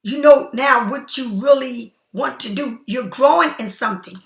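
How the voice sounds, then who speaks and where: A woman's voice: high voice, normal speed, creaky, fairly bright tone, roomy sound. A woman giving a casual tarot reading straight to the viewer, repeating herself for emphasis as she offers spiritual encouragement. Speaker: tarot card reader.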